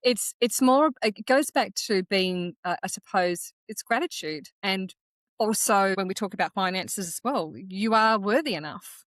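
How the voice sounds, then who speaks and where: A woman's voice: medium pitch, measured pace, a bit bright, no room sound. A woman, co-hosting a podcast in casual, reflective chat, explaining ideas step by step. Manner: reflective, explains in steps, many restarts. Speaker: podcast co-host.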